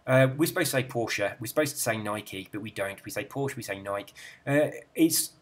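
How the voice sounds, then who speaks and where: An Englishman with an English accent talks in a loose, rambling chat as a gaming host. His pitch jumps around in a lively way, and he is often self-deprecating. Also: fast talker, breathy edge. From England. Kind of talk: casual chat reading viewer comments.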